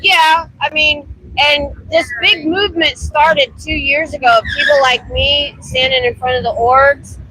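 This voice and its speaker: A woman's voice: high-pitched, steady tone, measured pace, sharp tone, a little hiss or hum, poor audio. Chatty woman livestreaming on a street. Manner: chatty, rambling, talks to passersby. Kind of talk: casual chat on a livestream. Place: city street at night, outdoors.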